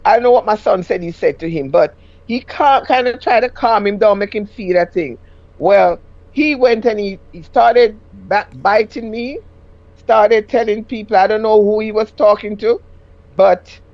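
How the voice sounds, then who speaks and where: Middle-aged Jamaican woman caller, rambling and lively when she quotes herself, on a dull dry line. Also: medium pitch, normal speed, no echo. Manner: rambling, rises sharply when quoting herself. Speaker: caller sharing a personal story. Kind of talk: casual spoken storytelling.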